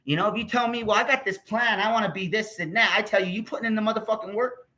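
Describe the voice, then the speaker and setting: An American YouTuber vents in a heated, rambling vlog rant, swearing constantly. He talks fast, his voice high for a man, bright and forceful.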